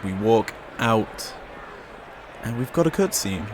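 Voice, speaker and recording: A man's voice: on the low side, lively intonation, takes it slowly, noisy background. A man giving casual gameplay commentary as host and reading the on-screen dialogue aloud between his comments. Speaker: gaming channel host. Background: game music.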